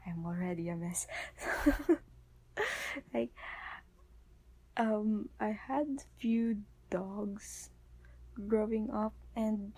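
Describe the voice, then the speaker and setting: A woman's voice: on the high side, dark tone, breathy edge, rough recording. A tired young woman whispering late at night as she answers viewer questions, rambling with lots of fillers and restarts. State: sleepy, tired voice.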